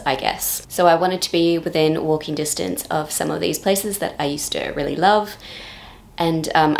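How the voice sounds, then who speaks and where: A woman in her thirties with a slightly low voice narrates a casual vlog. She talks in a chatty, easygoing way and tosses in playful little jokes as she goes. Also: vocal fry. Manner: chatty, with playful joking asides. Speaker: vlogger.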